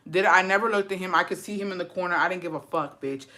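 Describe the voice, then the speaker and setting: A woman hosting her own livestream and telling a story in a brash, profane, sassy way, talking straight to her viewers. Her voice sits a little low yet sounds sharp and bright. She drops Spanish phrases into her English. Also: quick pace. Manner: brash, profane and sassy, calling listeners "bitch" and "besties". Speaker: livestream host.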